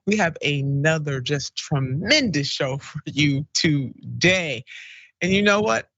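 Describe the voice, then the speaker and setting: A woman's voice: sits low, lively intonation, takes it slowly, a bit bright, no echo, lo-fi sound. A woman hosting a live-stream talk show, chatty and laughing often as she reads viewer comments. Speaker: host.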